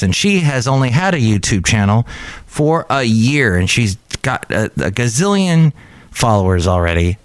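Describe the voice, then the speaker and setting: A man's voice: mid-range voice, smooth, no echo. Rambling, chatty man hosting a podcast. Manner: rambling, chatty, drifts between asides. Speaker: podcast host. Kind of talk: casual solo podcast chat.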